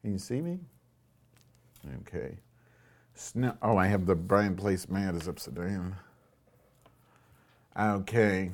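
Speaking in a low voice, slowly and with frequent pauses, a man broadcasts a rambling live webcam show from inside his home via a computer mic. He swears at viewers, mocks them sarcastically, and mutters asides as he makes tea.

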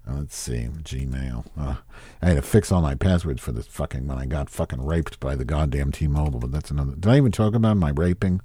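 Low, dark-voiced man griping profanely. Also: no room sound, clean studio sound. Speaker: podcast host. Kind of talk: casual rambling monologue and phone chat.

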